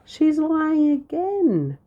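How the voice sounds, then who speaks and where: A woman's voice: lowish voice, very animated, measured pace, slightly rough, narrow, tinny audio, full character voice. A woman voicing a grumpy boy prince in a read-aloud storybook, complaining in a whiny way. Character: grumpy boy prince who misses sheep.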